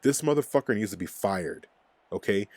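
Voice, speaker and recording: A man's voice: lowish voice, animated, normal speed, darkish tone, no echo. A man hosting a fan recap podcast, ranting in an angry, profane, rambling way. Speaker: podcast host.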